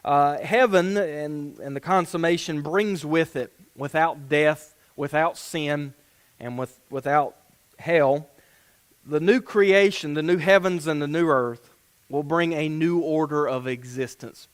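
Earnest clear-voiced male preacher. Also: on the high side, unhurried. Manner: earnest, restarts phrases, reads scripture aloud with emphasis. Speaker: pastor. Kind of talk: sermon.

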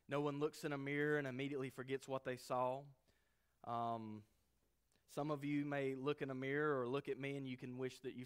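A man preaching a sermon as pastor, earnest, dropping to quiet low asides and rising to loud emphatic peaks.

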